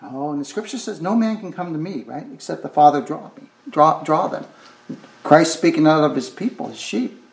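A man's voice: a little high, animated, normal speed, vocal fry, roomy sound. A man preaching a sermon with fervor, repeating phrases and exclaiming "oh my" as he goes.

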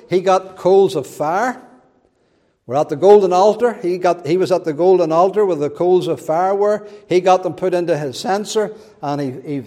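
A man preaching a sermon with fervent emphasis, his voice rising to loud, emphatic peaks. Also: high-pitched, in a large hall.

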